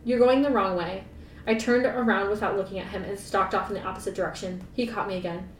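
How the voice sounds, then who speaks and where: A woman's voice: steady tone, fast. Woman reading aloud in an echoey room. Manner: playful, laughing, sarcastic asides. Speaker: podcast co-host reading aloud. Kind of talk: reading a novel aloud with joking asides. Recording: echoey room, mic at a distance, faint rumble.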